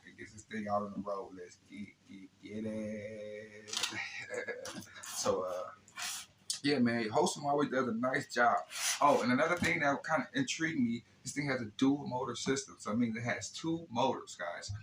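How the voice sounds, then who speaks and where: A man hosting a casual hobby unboxing video, talking in a laid-back, slangy way and often adding "man" and "you know what I'm saying". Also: medium pitch. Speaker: RC hobby channel host. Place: indoor room he calls his lab. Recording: echoey room with faint noise.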